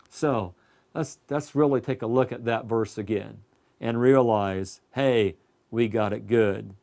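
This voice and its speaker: A man's voice: mid-range voice, vocal fry, a little mellow. A man preaching a sermon in a conversational way, asking his listeners direct questions.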